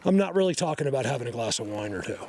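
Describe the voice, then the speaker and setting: A man's voice: medium pitch, expressive, rapid-fire, creaky, a little mellow, slight background noise. A man talking casually to his viewers while hiking in a forest, rambling and breaking off mid-sentence. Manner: rambling, loose, self-interrupting. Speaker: outdoor vlogger. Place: outdoors in a forest.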